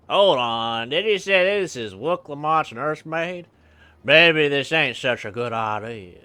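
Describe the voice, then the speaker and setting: A man voicing a nervous male bandit henchman, shouting his lines aloud while reading game dialogue on a live stream. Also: fairly high pitch, lively intonation, takes it slowly, clean tone, full character voice. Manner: shouting loudly.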